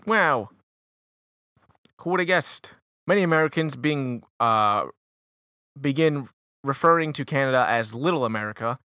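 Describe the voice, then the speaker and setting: A man's voice: mid-range voice, expressive, unhurried, pauses often, bright, forceful tone, no echo, clean studio sound. A man co-hosting a podcast, chatting casually and swearing, stumbling over words as he reads aloud. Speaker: podcast co-host.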